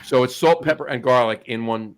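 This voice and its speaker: A man's voice: mid-range voice, brisk. A man, co-hosting a podcast in casual chat, rambling with many restarts. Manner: rambling, full of restarts and fillers. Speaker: podcast co-host.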